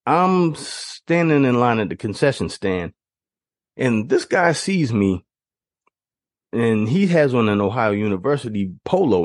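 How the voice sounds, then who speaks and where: A man hosting a podcast, telling childhood stories in an animated, casual way with frequent laughter. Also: mid-range voice, unhurried, dry recording, studio quality. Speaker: podcast host. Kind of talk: casual storytelling.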